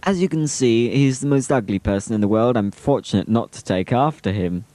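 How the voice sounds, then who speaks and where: A cheeky man narrating home videos with teasing asides. His pitch is lively and jumps around, and the sound is dry and close. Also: brisk, dry recording. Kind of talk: humorous home-video voice-over commentary.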